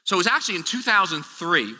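A middle-aged man gives an animated, conversational sermon, often restarting and going off on asides. His bright, lively voice swings high and low. It rings through a large hall with a long tail of reverb. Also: quick pace. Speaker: pastor.

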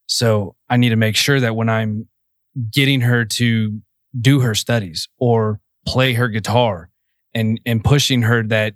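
A man's voice: fairly low pitch, fairly even intonation, measured pace, no room sound, studio quality. A man co-hosting a podcast, talking earnestly and reflectively about parenting, with some self-deprecation. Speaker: podcast co-host. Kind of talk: casual podcast chat.

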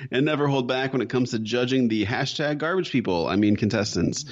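A man's voice: mid-range voice, brisk, highs cut off. A man co-hosting a casual podcast, reading listener reviews aloud with dry joking asides. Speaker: podcast co-host. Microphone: headphones and microphone.

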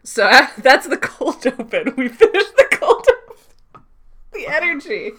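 A woman's voice: sits high, very animated, measured pace, fairly bright tone, husky. A woman co-hosting a podcast, chatting casually and laughing as she recaps a TV episode. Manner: laughing, recapping with playful quoted voices. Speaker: podcast co-host.

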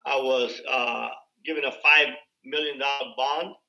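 A man's voice: medium pitch, fairly even intonation, unhurried, bright, forceful tone, low-quality recording. A man telling his own story in a loose, conversational way, with frequent fillers and acted-out quoted dialogue. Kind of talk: casual spoken storytelling.

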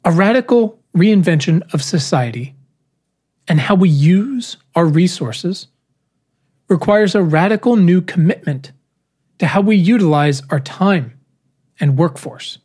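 A speaker giving a prepared keynote talk, with measured, rhetorical phrasing and emphatic pauses. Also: medium pitch, lively intonation, darkish tone, husky.

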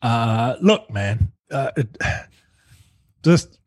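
A man co-hosting a podcast in casual chat, animated and enthusiastic, who laughs easily. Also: medium pitch, extremely slow, no echo. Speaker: podcast co-host.

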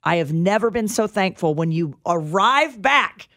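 A woman co-hosting a radio talk show, telling an anecdote in a dramatic, animated storytelling manner on a studio mic. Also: medium pitch, a little slow, no echo. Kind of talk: casual chat storytelling.

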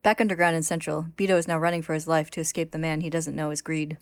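A woman narrating a story recap in a steady, plain retelling voice. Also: deep voice, fast, few pauses, no room sound, studio quality.

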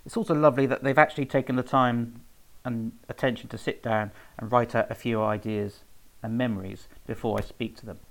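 A man's voice: on the low side, gravelly, rough recording. A man telling research anecdotes in a casual, rambling way, with many fillers and self-corrections. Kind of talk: casual spoken talk about research.

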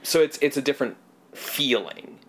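A man's voice: medium pitch, animated, moderate pace. A man co-hosting a podcast, chatting casually and at length about films, rambling and swearing now and then. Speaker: podcast co-host. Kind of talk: casual film discussion.

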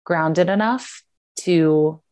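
A woman's voice: lowish voice, drawn-out words, darkish tone. A young woman chatting casually on a podcast, telling a personal story with a lot of "like" fillers. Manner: candid storytelling, frequent "like" fillers. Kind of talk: casual chat.

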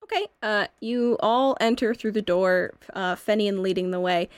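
A woman narrating as game master of a tabletop game, halting with fillers. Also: mid-range voice, clear, resonant tone, no room sound.

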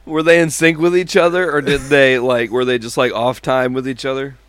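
A man's voice: mid-range voice, brisk, clear, resonant tone. A man co-hosting a podcast, telling neighbor stories in casual chat, swearing freely and mimicking horn noises. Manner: profane, animated storyteller mimicking horn sounds. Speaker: podcast co-host.

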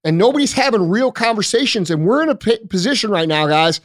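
A man's voice: high voice, lively intonation, fast. A man hosting a talk show, ranting in an emphatic, profane, frustrated way to the camera. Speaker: podcast host. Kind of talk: heated casual talk.

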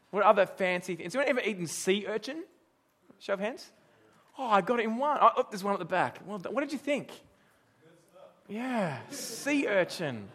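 A middle-aged man with a high, light voice preaches to a congregation. His manner is chatty and anecdotal, and he stops now and then to put questions to his listeners. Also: a bit bright. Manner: conversational, storytelling, asks the congregation questions. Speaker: pastor. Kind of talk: sermon.

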